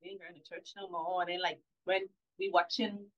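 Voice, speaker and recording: A woman guest on a faith podcast, telling a personal story candidly and often dropping to a soft, low voice. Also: level tone, moderate pace. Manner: candid, often drops to a soft, low voice when recalling things. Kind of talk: casual storytelling conversation. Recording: slightly dull lo-fi sound.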